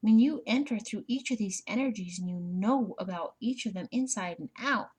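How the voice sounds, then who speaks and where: A woman's voice: medium pitch, darkish tone, slightly rough, rough recording. A woman giving a casual personal tarot reading, chatty and laughing, swearing freely and acting out little scenes. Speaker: tarot reader.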